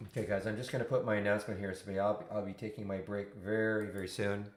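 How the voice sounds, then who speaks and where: A man's voice: on the low side, level tone, quick pace. A man hosting a live trading room, giving loose running commentary and thinking aloud as he goes. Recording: echoey room.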